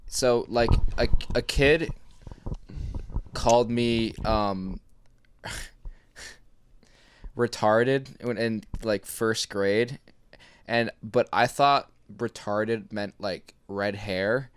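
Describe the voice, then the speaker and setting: A man's voice: fairly low pitch, very slow, long pauses, clean tone, dry recording. A young man co-hosting a casual podcast, telling childhood stories and laughing through them. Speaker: podcast co-host. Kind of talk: casual chat.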